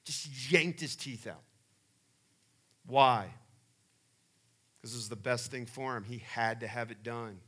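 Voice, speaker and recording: A middle-aged man preaching a sermon, telling personal family stories and building to loud emphatic peaks. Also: mid-range voice, slow pace, pauses often, breathy edge. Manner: animated storyteller, rising to loud emphatic peaks. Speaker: pastor.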